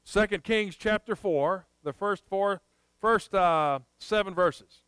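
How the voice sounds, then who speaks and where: Middle-aged preacher man, high smooth voice, folksy storytelling sermon, dry close sound. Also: measured pace, a bit bright, dry recording, low-quality recording. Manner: folksy storytelling, earnest prayer. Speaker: pastor. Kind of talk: sermon with storytelling and scripture reading.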